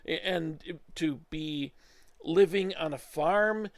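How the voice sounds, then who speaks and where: A middle-aged man rambles through a casual film review from his home studio, his voice sitting a little high for a man. The sound is close and dry with almost no room around it, and he talks in loose, chatty runs full of "uh"s and restarts. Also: takes it slowly, no room sound. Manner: meandering, chatty, with frequent fillers and restarts. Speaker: movie reviewer. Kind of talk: casual opinion monologue.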